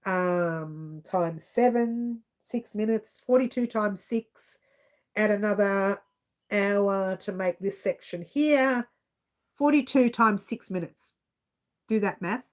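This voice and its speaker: A woman with an Australian accent chatting casually on a live stream, giggling and reading out viewer comments. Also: mid-range voice.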